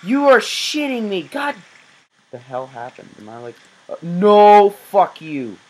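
Young male let's player who rages and screams, high-voiced and very animated. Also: takes it slowly. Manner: screams and swears in frustration; cries out in sudden loud outbursts. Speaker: gamer. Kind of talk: let's play gameplay commentary.

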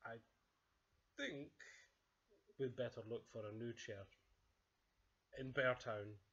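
A man's voice: medium pitch, takes it slowly, fairly bright tone, slightly rough, lo-fi sound. A man doing a patient father bear.

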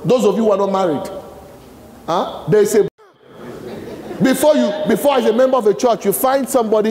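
A man's voice: sits high, a little mellow, slight background noise. A Nigerian man giving a live leadership talk to an audience, quizzing them with fill-in-the-blank questions. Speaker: motivational speaker. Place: large hall with a live audience. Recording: echoey hall with long reverb.

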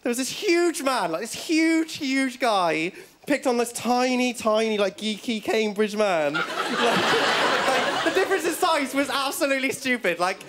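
A man's voice: very high-pitched, expressive, unhurried. A male stand-up comedian, telling rambling stories on stage and tagging lines with "right?". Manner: rambling storytelling, keeps checking in with "right?". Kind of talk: stand-up routine. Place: stage before a studio audience. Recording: loud audience laughter and crowd noise.

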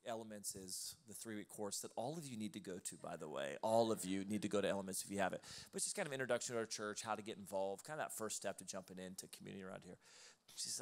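A man's voice: on the low side, quick pace. A male pastor preaching a live sermon in a church, telling stories in a loose conversational way with laughing asides. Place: church auditorium, live service.

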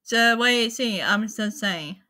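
A woman with a slightly high, bright voice talks to her viewers in a slow, unhurried way. She is casual and halting, stopping often for fillers and apologies. She sounds like someone running her own video channel. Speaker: anime channel host. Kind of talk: casual spoken rundown to viewers.

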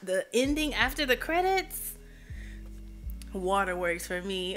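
Woman streamer, casual chat, expressive and emotional, talking to her viewers, faint music in the background. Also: mid-range voice, slow pace. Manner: chatty, emotional, expressive, talks straight to the viewers. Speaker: live streamer.

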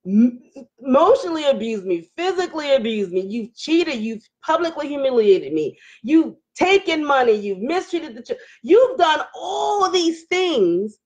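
A woman's voice: high-pitched, measured pace, dull audio. A middle-aged woman, hosting a casual live stream, reading viewer comments, laughing and talking with emotional outbursts. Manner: animated, laughing, emotional outbursts, Southern Black vernacular phrasing.

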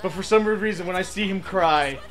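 A man's voice: high voice, a little fast, fairly bright tone. A young man telling a funny story in casual chat over gameplay, laughing through his words. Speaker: let's play co-host.

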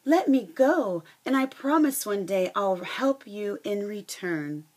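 A woman voicing a small, brave female mouse in a read-aloud fable, pleading in a high, gasping voice. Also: big pitch swings, slow pace, darkish tone, breathy edge, heavily acted. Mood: terrified.

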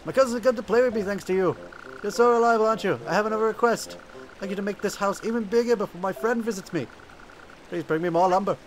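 A man's voice: high voice, quick pace, a little hiss or hum, voice pushed up, natural voice. A man voicing a friendly male beaver-like creature from a game, with a wobbly put-on accent and chirpy politeness. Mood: chirpy, grateful.

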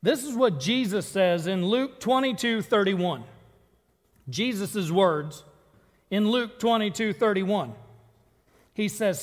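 High-voiced man preaching in a reverberant church. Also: expressive, takes it slowly, long pauses. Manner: earnest, conversational preaching with scripture reading. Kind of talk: sermon. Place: church sanctuary. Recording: long reverb of a church hall.

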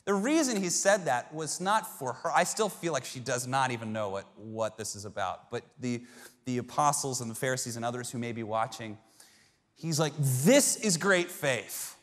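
Animated male pastor in echoing hall. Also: mid-range voice, moderate pace. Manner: animated storytelling, acts out voices. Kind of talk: sermon. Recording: long reverb of a large hall.

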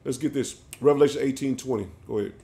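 Preacher, male, emphatic and insistent, tags lines with "man", mid-pitched voice. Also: quick pace, gravelly, mellow. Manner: emphatic, ends phrases with "man". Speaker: street preacher. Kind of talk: preaching sermon.

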